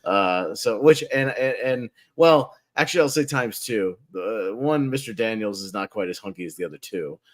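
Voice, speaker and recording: A man chatting casually on a movie watchalong, relaxed and rambling, breaking into laughs. His voice sits a little low. He circles back on his sentences as he talks. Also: normal speed, few pauses.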